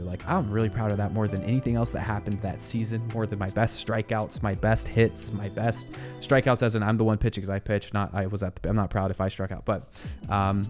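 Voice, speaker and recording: A man's voice: fairly low pitch, darkish tone. A man in his twenties hosting a casual good-news show, chatting and reacting to video clips in an upbeat, rambling way with frequent laughs. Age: 20s.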